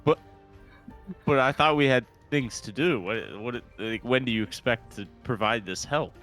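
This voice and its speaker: A man's voice: medium pitch, normal speed, a bit bright, soft background music. A man playing a tabletop game, speaking in character with incredulous questions and frequent stammers. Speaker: player.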